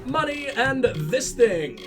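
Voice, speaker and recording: A man's voice: extremely high pitch, sing-song, slow pace, music in the background. A man with a stuffy cold, rambling and swearing sarcastically while commentating his own gameplay. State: congested with a cold or flu. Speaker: let's play host.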